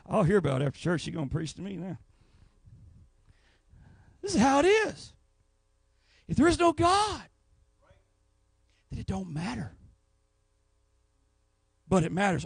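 Male preacher, high-pitched and lively, folksy storyteller, dry close sound. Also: normal speed, gravelly, pauses often, slightly rough, no echo. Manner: animated, folksy storytelling with acted voices. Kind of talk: Pentecostal revival sermon.

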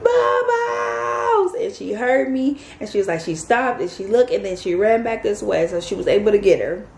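A woman vlogger telling a story to her viewers in a casual, animated, chatty way. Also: medium pitch, a little fast, vocal fry. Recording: echoey room, faint background noise.

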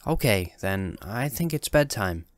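A man voicing an anxious, loving mother who speaks softly, tenderly and hesitantly. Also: on the low side, big pitch swings, measured pace, no room sound.

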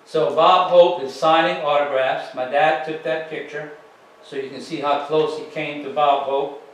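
A man with a drawl talks an audience through a slide show, slow and folksy, his voice sitting a little higher than most. He is picked up from across a very echoey library room, with a faint hum of ambience behind him. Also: fairly even intonation. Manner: unhurried, folksy storytelling with fillers. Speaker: author giving a library talk. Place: public library meeting room. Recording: roomy, distant mic with faint ambience.

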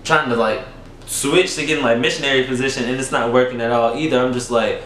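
A young man chatting through a storytime vlog, animated and expressive, his voice jumping high when he gets dramatic. He talks at a medium pitch and speaks right to his audience. The room has a roomy echo and a faint hiss underneath. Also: quick pace. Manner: animated, dramatic swings up high, addresses viewers directly. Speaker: YouTuber telling a story. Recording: echoey room.

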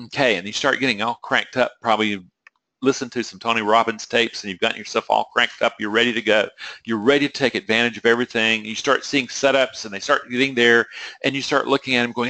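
Man, webinar lecture, gravelly, forceful bright tone, asks the audience questions. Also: medium pitch, fairly even intonation, fast talker, no echo. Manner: conversational, asks the audience questions, acts out traders' inner voices. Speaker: trading psychology coach.

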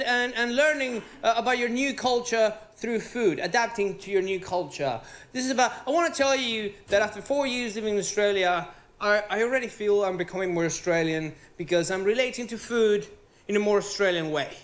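A man from Venezuela with a Venezuelan Spanish accent, Spanish-speaking by birth, doing animated, profane stand-up comedy on stage. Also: very high voice. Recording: roomy theatre with audience laughter.

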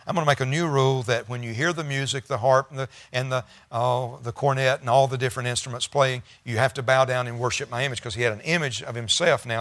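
A man's voice: mid-range voice, a bit bright, no echo. A man preaching a sermon as pastor, reading scripture aloud and paraphrasing it conversationally, with bursts of emphasis. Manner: preaching with bursts of emphasis and congregation call-and-response.

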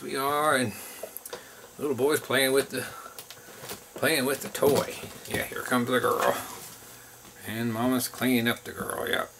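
Gravelly man cooing at puppies. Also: mid-range voice, noisy background. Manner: coos and talks softly to the puppies. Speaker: dog breeder filming his puppies. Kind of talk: casual vlog narration and baby talk to puppies.

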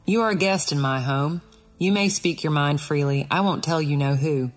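A cunning male death adder, put on by a woman reading an audiobook, his words dripping with honey. He coaxes and teases in a low, sing-song voice. Soft music plays faintly underneath. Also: moderate pace. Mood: coaxing. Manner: sweet, coaxing, sing-song. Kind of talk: audiobook character voice.

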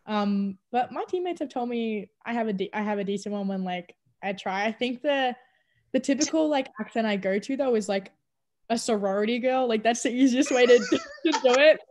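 A woman's voice: fairly high pitch, brisk, darkish tone. A young adult woman with an Australian accent, chatting animatedly in an interview over a video call, laughing often. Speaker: college basketball player. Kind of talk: casual interview chat.

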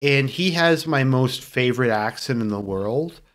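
A man's voice: medium pitch, expressive, measured pace, fairly bright tone. A man giving a casual, opinionated film review, rambling with many fillers and restarts and turning sarcastic at times. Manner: sarcastic when mocking views he dislikes.

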